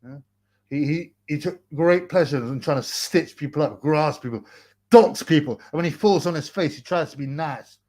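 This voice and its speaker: A man's voice: a little high, moderate pace, darkish tone. A young man hosting a casual livestream, rambling in slang, mocking a rival and reading viewer comments aloud. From United Kingdom. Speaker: livestream host.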